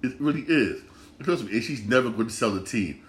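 A man's voice: mid-range voice, lively intonation, a little fast. Frustrated man ranting in an echoey room. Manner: frustrated, repetitive, stammering restarts. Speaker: sports podcast host. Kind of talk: casual sports rant.

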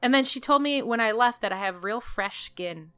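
A woman's voice: fairly high pitch, animated, moderate pace, a bit bright, clean tone. A woman in casual chat, telling a story animatedly and laughing often while acting out what people said.

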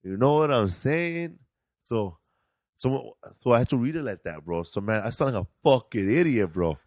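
A man in casual chat, telling a story in an animated, slangy way, often saying "bro" and "man". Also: fairly low pitch, normal speed, no echo, clean studio sound.

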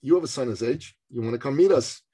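A middle-aged man from Canada telling a personal story in conversation, animated and acting out the voices of others. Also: medium pitch, quick pace, husky. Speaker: speaker and business coach.

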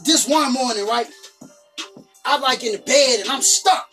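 A woman giving an emphatic motivational monologue. She repeats her lines and bursts into shouting. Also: high voice, a little slow. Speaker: motivational speaker. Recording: distant from the mic. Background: faint music.

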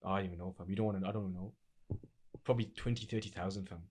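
A man's voice: low-pitched, steady tone, very fast, darkish tone, slight background noise. A young man, co-hosting a podcast in casual chat. He rambles, restarts often and uses a lot of slang. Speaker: podcast co-host.

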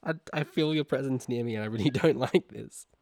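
A man's voice: mid-range voice, a little fast, darkish tone, dry recording, studio quality. An Australian man co-hosting a casual podcast, playful and teasing and giggling often. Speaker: co-host.

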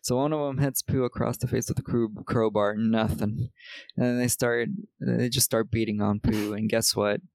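An American man with a gravelly, middle-pitched voice chats casually as a podcast co-host. He rambles through a film's plot, laughing often and swearing now and then. The recording is close and dry. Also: steady tone, normal speed, darkish tone, dry recording. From United States. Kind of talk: casual movie recap chat.

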